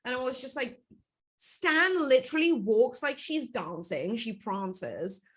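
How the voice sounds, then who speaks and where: A woman guest on a podcast, chatting casually, blunt and quick to swear. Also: a little high, animated, husky.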